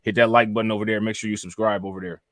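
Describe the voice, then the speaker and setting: A man's voice: on the low side, fairly even intonation, very fast, no room sound. Slangy laid-back livestream guy. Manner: slangy, laughing, hypes the chat. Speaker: livestream co-host. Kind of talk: casual commentary chat.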